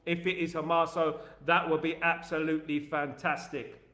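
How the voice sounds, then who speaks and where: A young East London man hosting a football live stream, his voice pitched fairly high for a man. He reads out viewer comments and riffs on them in an animated, chatty way. The room around him has a noticeable echo. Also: moderate pace. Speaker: livestream host. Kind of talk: casual live-stream chat.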